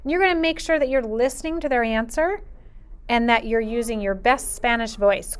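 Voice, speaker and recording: A woman's voice: high voice, expressive, a bit bright. A woman teaching a Spanish lesson to preschool children in a sing-song, patient teacher voice, drawing out her phrases. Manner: slow, clear and patient. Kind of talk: video lesson for young children.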